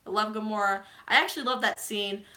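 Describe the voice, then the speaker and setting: A woman chats through a movie recap in a bright, forceful voice, her tone crisp and energetic. She rambles loosely, gushing, and fills her talk with frequent ums. The delivery sits at an ordinary middle pitch. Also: fast talker. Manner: rambling, filler-heavy, gushing. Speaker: vlogger. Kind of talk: casual movie recap chat.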